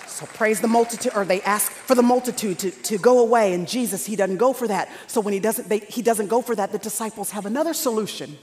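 A woman preacher delivering a sermon, swinging from hushed near-whispers to shouted peaks. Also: mid-range voice, brisk, few pauses, a little hiss or hum. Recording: reverberant hall with faint crowd.

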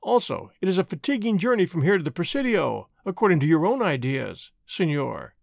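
A man's voice: on the high side, very animated, brisk, creaky, no echo, studio quality. A man reading aloud as a proud, easily stung army captain in an old adventure storybook, haughty and bristling.

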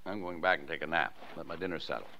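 A man's voice: deep voice, fast, pushed and bright. An actor playing an easygoing small-town father who soothes and humors his daughter in 1940s radio acting. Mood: humoring. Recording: dull old radio broadcast.

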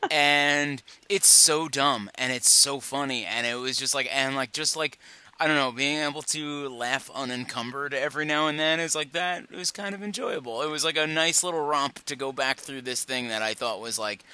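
Male podcast co-host, wry rambler, very bright, smooth voice. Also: mid-range voice, normal speed. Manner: rambling, many fillers and restarts; wry, joking. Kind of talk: casual chat.

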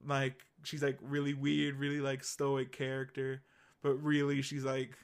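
Young guy rambling on a podcast, lots of likes and ums, middle pitch, excited. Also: measured pace, vocal fry, smooth. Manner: rambling, filler-heavy, enthusiastic. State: hiccups. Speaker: podcast co-host. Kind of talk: casual chat.

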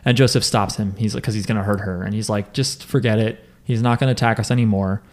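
A man's voice: lowish voice, steady tone, fast. A young man hosting a podcast, recapping an anime in casual, joking chat and swearing freely. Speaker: podcast host.

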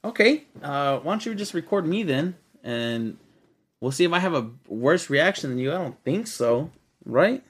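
A man's voice: a little high, lively intonation, normal speed, a bit bright, slightly rough. A young man hosting a casual podcast, talking loosely and animatedly and swearing freely, calling his co-host dude and bro. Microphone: podcast studio mic.

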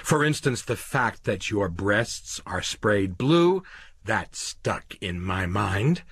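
A man voicing an anxious, angry male clerk in a storybook reading, talking insistently in a husky voice. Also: fairly low pitch, animated, takes it slowly, fairly bright tone, no echo, studio quality, voice pushed up, full character voice. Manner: agitated, insistent.

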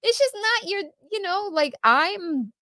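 A woman's voice: very high-pitched, slow, no echo, studio quality. A woman co-hosting a podcast, telling stories in upbeat, casual chat. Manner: lively, upbeat storytelling with laughs. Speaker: podcast co-host.

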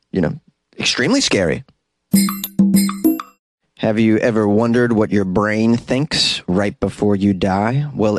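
A man hosting a comedic news commentary, reacting sarcastically to stories and tossing in jokes and quick asides. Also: lowish voice, dry recording. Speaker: host.

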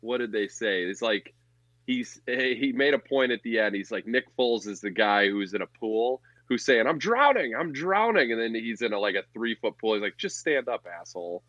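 A man's voice: on the low side, steady tone, normal speed, fairly bright tone, no room sound, muffled recording. A man co-hosting a casual sports betting podcast, talking bluntly and profanely in a ranting way. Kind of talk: casual chat.

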